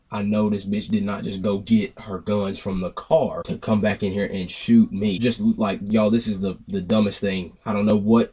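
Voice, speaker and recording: A young man spins a rambling storytime to his viewers. His voice sits low and mellow with a husky edge, and he slips into other people's lines as he goes. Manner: rambling, animated retelling with acted-out quotes. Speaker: vlogger telling a story. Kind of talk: casual storytime monologue.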